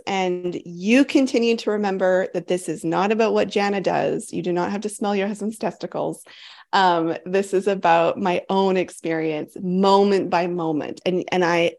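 A woman's voice: lowish voice, gravelly, darkish tone. A woman coach in her thirties talking candidly to an online group, giggling often and speaking in a rush of feeling. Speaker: sex coach leading a group program. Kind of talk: casual talk to a live online group.

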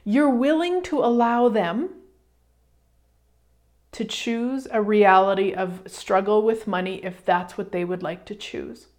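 A woman hosting a radio show, giving a casual motivational talk in an animated way, acting out little quoted exchanges and swearing now and then. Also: mid-range voice, takes it slowly.

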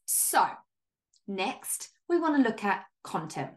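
A woman's voice: mid-range voice, normal speed. A woman hosting a solo business podcast, talking in an upbeat, emphatic way, with casual swearing and lots of "like". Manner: chatty with frequent "like" and laughs. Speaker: podcast host and business coach.

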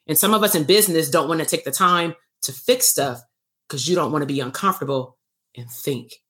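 Animated woman teaching a live workshop. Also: low-pitched, a little fast. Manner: animated storyteller who acts out dialogue; casual and salty, with frequent laughs. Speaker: bootcamp host and therapist coach.

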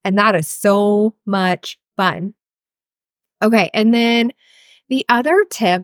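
Speaking in a mid-range voice on a clean, echo-free studio recording, a thirtysomething healer coach hosts her solo podcast. Her talk is casual, chatty, and blunt, with plenty of free cussing.

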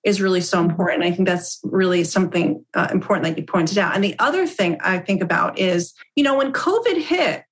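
Chatty, animated woman podcast host. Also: on the low side, a little fast, few pauses. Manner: animated, chatty, laughs through stories. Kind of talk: casual interview chat.

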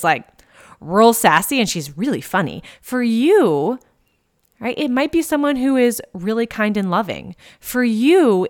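A woman in her thirties, a coach talking casually and candidly on her podcast, with lots of fillers and the odd swear. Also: medium pitch.

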